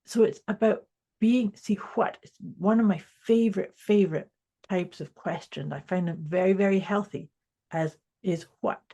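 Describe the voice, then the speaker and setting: Husky New woman, thoughtful co-host. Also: medium pitch, normal speed, warm tone, dull audio. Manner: reflective, thoughtful explaining. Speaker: podcast co-host. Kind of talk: casual chat.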